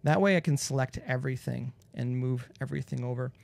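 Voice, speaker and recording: Chatty man with a gravelly voice. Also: mid-range voice, fast talker, a little mellow. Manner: casual, chatty, many fillers, explains step by step. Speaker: mixing engineer host. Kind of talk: live screen-share mixing tutorial. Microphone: close studio microphone.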